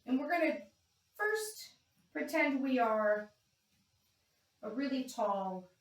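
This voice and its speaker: A woman with a slightly high voice guides young children through yoga poses at an unhurried pace. She is playful and encouraging, breaking into animal sounds. Her voice comes from a distance and rings in a very echoey room. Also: very animated. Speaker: kids yoga instructor. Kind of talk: guided kids yoga class.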